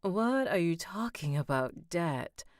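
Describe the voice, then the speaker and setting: A woman's voice: on the low side, animated, takes it slowly, no room sound, studio quality, voice pushed up. A woman voicing a snobby, nervous young man who leans on his charm, in an audiobook reading.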